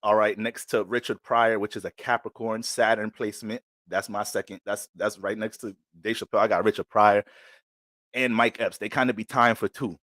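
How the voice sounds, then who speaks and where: A man's voice: fairly low pitch, moderate pace, no room sound, studio quality. Slangy New man on a livestream. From Bronx, New York. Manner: loose, slangy, animated storytelling. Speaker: astrologer hosting a livestream. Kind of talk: casual livestream chat.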